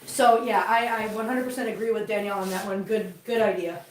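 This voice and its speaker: A woman's voice: medium pitch, brisk, roomy sound, distant mic, slight background noise. A woman vlog host chatting casually as she cleans at home, rambling along and cooing to her cats. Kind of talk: casual chat while cleaning. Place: home, indoors.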